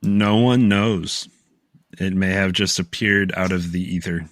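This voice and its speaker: A man's voice: sits low, steady tone, measured pace, no echo, clean studio sound. A man chatting on a podcast, laid-back and chuckling. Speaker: podcast co-host. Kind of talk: casual chat.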